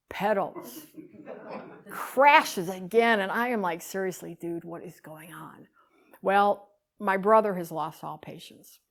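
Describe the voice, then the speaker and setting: A woman giving a talk, telling a story with animated swings between loud bursts and hushed lines. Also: mid-range voice. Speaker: speaker.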